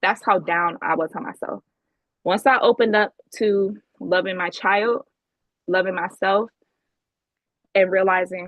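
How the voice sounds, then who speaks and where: A woman's voice: mid-range voice, steady tone, measured pace, long pauses, no room sound, dull audio. A woman from Ohio giving an earnest, emphatic personal testimony as a guest speaker at an online event, over a video call. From Ohio, USA. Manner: earnest, emphatic storytelling with many restarts.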